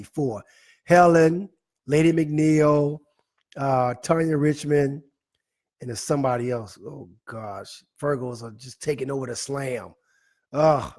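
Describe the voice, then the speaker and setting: A man hosting a live online talk show, playfully reading out viewer comments with animated, teasing asides. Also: mid-range voice. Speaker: host.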